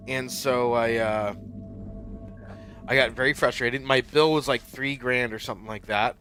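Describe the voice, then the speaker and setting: A man's voice: medium pitch, steady tone, normal speed, long pauses, sharp tone, faint music behind. A young man casually telling a long personal story while playing a game, rambling with many fillers and getting worked up. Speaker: Minecraft YouTuber.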